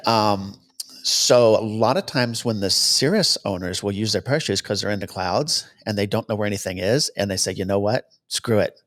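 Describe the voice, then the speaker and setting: A man, a helicopter cameraman guest, telling stories casually and acting out the dialogue he quotes. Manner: anecdotal, acts out quoted dialogue with lively pitch jumps. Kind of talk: casual storytelling interview.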